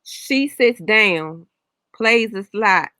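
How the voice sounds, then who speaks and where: A woman's voice: mid-range voice, animated, drawn-out words, bright, forceful tone, slight background noise. A woman hosting a casual reaction chat, telling stories in a rambling way with many restarts. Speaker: host.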